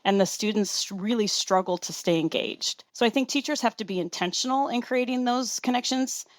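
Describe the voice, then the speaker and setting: A woman's voice: fairly high pitch, moderate pace, no room sound. Woman educator on a podcast, earnest, walks through her points one by one, dry close sound. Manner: earnest, explanatory, lists points step by step. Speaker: guest education expert; teaches students. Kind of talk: podcast interview answer.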